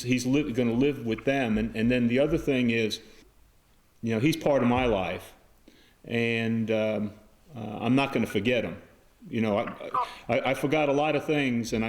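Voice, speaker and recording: An older man talks on a phone call, stammering and restarting as he searches for words. His voice is of ordinary pitch for a man. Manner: hesitant, stammering, emotional restraint.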